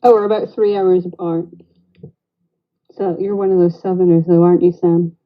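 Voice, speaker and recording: A woman's voice: lowish voice, flat delivery, normal speed. A woman with a Greater Manchester accent, chatting casually as a caller from outdoors in her garden. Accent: Northern English, Greater Manchester. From England. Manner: chatty, laughs easily. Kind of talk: casual chat. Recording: dull lo-fi call audio.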